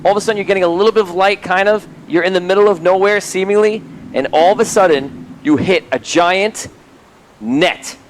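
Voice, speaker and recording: A man's voice: high-pitched, fairly quick, a little hiss or hum. A man running a tabletop game as game master, narrating with frequent laughter and rambling asides.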